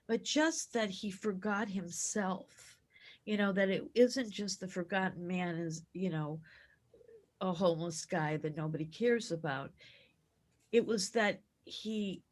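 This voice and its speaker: A woman co-hosting a film club, discussing a film and acting out its scenes in a lively way. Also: lowish voice, a little slow. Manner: animated, acts out film scenes. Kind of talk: casual chat.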